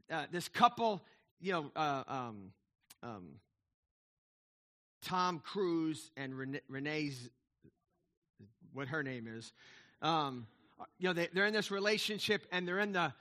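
A pastor in his fifties delivers a chatty, digressive, conversational sermon, frequently turning aside to address the congregation. His voice sits high and sounds pushed and bright.

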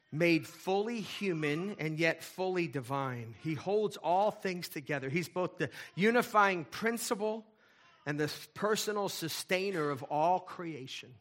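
A man's voice: sits high, pushed and bright. A man preaching a sermon as lead pastor of a church, emphatic, repeating key lines and asking rhetorical questions.

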